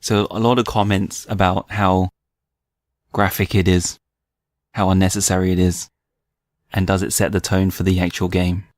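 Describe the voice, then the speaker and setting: A man's voice: sits low, little pitch movement, moderate pace, pauses often, no echo. A man co-hosting a podcast in casual chat, wry and laid-back. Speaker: podcast co-host.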